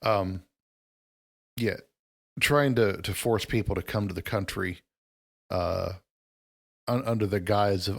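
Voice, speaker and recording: A man's voice: lowish voice, slow pace, creaky, long pauses. A man co-hosting a casual podcast, chiming in with short, wry remarks and questions. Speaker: podcast co-host.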